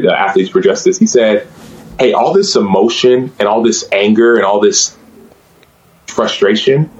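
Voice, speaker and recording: A man who is a former pro athlete and author, a guest telling stories with energy and climbing into a higher voice as he retells them. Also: lo-fi sound. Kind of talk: animated storytelling in conversation.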